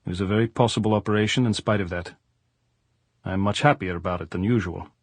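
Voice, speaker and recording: A man's voice: fairly low pitch, fast, dry recording. A man voicing a blunt middle-aged general who teases dryly in stiff, formal broken English, in an audiobook. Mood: dryly teasing.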